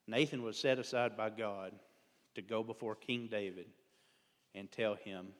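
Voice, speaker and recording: A man's voice: lowish voice, fairly even intonation, a little slow. A man preaching a folksy, conversational sermon as a lay speaker, drifting into digressions and self-deprecating humor. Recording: long hall reverb.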